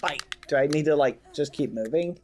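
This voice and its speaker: A man's voice: a little high, brisk, darkish tone, slight background noise. A young man streaming a game and chatting casually with his viewers, telling stories as he plays. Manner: chatty, addresses chat, storytelling. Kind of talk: casual gameplay commentary. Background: faint game music.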